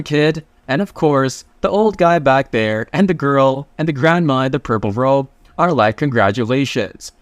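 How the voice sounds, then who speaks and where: A man with a clear, resonant mid-range voice narrates at a measured pace with hardly any pauses, and there's no room sound. He's recapping a manhwa in loose, slangy, conversational narration, reading out the characters' lines as he goes.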